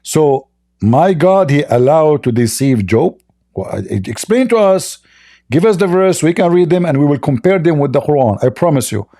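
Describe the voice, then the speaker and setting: Male debate host, combative and mocking, pitched a bit high with a mellow tone. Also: animated, moderate pace. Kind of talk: live online debate.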